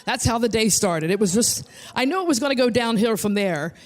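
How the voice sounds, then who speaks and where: A woman from New Jersey with a New Jersey accent, telling animated comic stories on stage as a comedian and singer. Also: fairly high pitch, brisk. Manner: animated, breathless storytelling. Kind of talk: stand-up storytelling to an audience.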